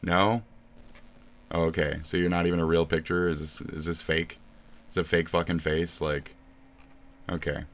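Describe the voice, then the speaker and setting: Low-voiced man ranting crudely. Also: level tone, normal speed, long pauses. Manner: crude ranting, mocking and swearing. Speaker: streamer. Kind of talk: casual profane reaction stream.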